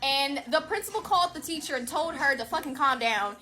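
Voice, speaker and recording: A woman tells a personal story in a loose, casual monologue. Her voice is high and bright. She speaks bluntly, swears freely and keeps the telling lively. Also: brisk. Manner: animated, blunt, profane.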